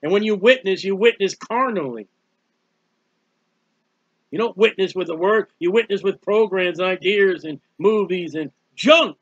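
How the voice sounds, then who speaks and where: Scolding high-voiced preacher man. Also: measured pace, dry recording. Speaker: street preacher. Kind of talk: fiery sermon. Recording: dull, dry lo-fi recording.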